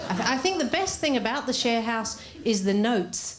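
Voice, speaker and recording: A woman's voice: fairly high pitch, normal speed. Dry Australian woman doing stand-up. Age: 30s. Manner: dry, deadpan delivery with playful asides. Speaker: stand-up comedian. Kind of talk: stand-up comedy. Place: comedy club stage. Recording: live club set with loud crowd. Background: loud audience laughter.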